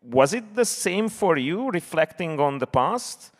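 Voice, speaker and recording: A man's voice: on the high side, very animated, a little slow. A man interviewing a guest on a convention stage, talking earnestly and effusively. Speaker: panel interviewer. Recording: reverb of a large hall.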